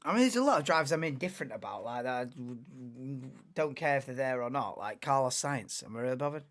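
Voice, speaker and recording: A man in his late twenties, hosting a live race watchalong in an excitable, rambling, chatty way. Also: mid-range voice, fast. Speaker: livestream host.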